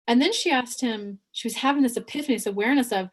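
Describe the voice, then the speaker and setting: Animated woman giving a spiritual reading. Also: a little high, quick pace, hardly any pauses, breathy edge. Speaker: psychic medium giving readings.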